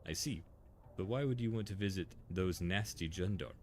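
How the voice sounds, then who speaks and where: A man's voice: sits low, normal speed, darkish tone, slight background noise. A man reading out the lines of a flirtatious female dryad queen, gushing with theatrical endearments. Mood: doting. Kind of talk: reading game dialogue aloud.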